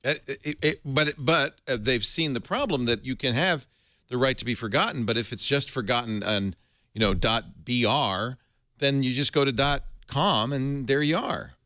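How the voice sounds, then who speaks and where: A man's voice: medium pitch, moderate pace, sharp tone, no echo, clean studio sound. A man hosting a casual tech panel chat, joking, laughing often and reading quotes aloud. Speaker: podcast host.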